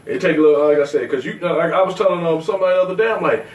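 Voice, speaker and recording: A man's voice: a little high, racing, darkish tone, dull audio. A man hosting a casual podcast chat, blunt and profane, telling stories from his own life. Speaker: show host. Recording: roomy echo, distant mic.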